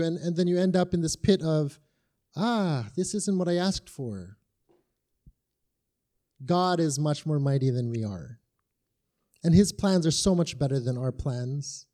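A man's voice: fairly high pitch, dark tone. A man giving a casual, conversational sermon full of rhetorical questions and fillers. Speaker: preacher.

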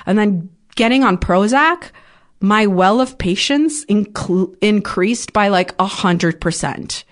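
A Ukrainian woman appears as a podcast guest, telling personal stories frankly, swearing freely and acting out her past outbursts. Her medium-pitched voice is expressive and slow.

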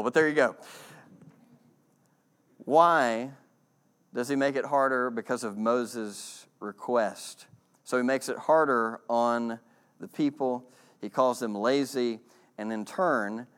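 A man preaching a sermon, acting out quoted voices higher and dropping low and quiet to read scripture. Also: clear, resonant tone. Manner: animated, acts out quoted voices in a higher pitch. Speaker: pastor.

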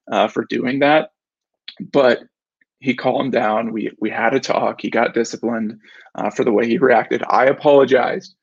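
A man's voice: medium pitch, gravelly, slightly rough, no echo, muffled recording. A man in his thirties, a father and business owner, giving a casual, reflective devotional talk, rambling with restarts and self-corrections.

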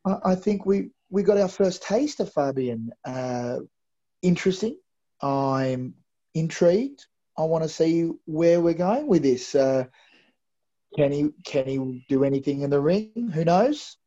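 Expressive and unhurried, a man with a slightly high voice and a dark tone co-hosts a wrestling recap show. His casual musing is full of stammered restarts, and the sound is a little dull and lo-fi.

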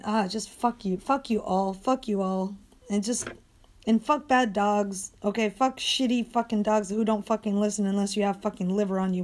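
A woman rants in a hoarse, sandpapery voice, swearing constantly as she vents. Her talk is exasperated and restless, with sudden flare-ups into loud, sharp complaint. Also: medium pitch, fairly even intonation, normal speed. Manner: profane, ranting, exasperated. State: hoarse, strained voice. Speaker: dog walker and coach. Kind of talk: angry venting monologue.

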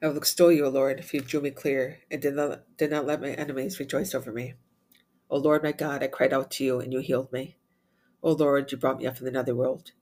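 Man of middle pitch leading prayer, steady measured reading with brisk quiet Latin responses. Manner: steady measured recitation, rattles off Latin refrains quickly and softly. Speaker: prayer leader. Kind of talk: reciting liturgical prayer.

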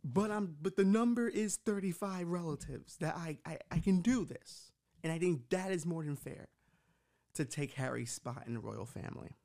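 Animated, gravelly-voiced New York man. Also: a little high, moderate pace. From United States. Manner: animated, rambling, profane. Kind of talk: comedic rant.

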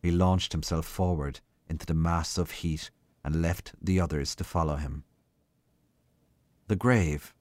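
A man reading a short story aloud in a measured, unhurried way. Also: deep voice, darkish tone, dry recording. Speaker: guest reader.

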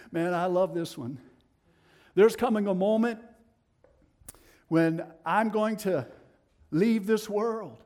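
A middle-aged man with a Tennessee accent preaching a sermon, swinging between loud declarations and hushed, low passages. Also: slow, long pauses.

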